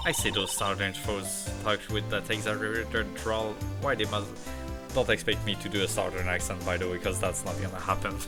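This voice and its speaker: A man's voice: fairly low pitch, level tone, normal speed. A man streaming a game, chatting casually and swearing as he plays. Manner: casual, laughing at the puns, swears. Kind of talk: game let's play commentary. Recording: loud game music behind.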